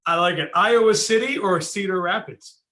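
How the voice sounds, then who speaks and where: Bright-voiced friendly podcast host. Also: male voice, high-pitched, normal speed. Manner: friendly, laughs often. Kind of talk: casual podcast interview.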